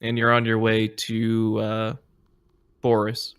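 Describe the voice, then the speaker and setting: A man runs a tabletop role-playing game, narrating in a casual, hesitant way. His voice is low with a gravelly edge. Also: completely flat delivery, slow pace, a bit bright, no echo, studio quality, soft background music. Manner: casual, hesitant, filler-heavy. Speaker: game master.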